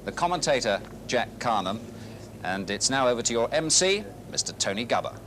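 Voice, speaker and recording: A man presenting a sports broadcast in a wry, relaxed way. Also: medium pitch, brisk. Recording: hissy 1980s TV broadcast.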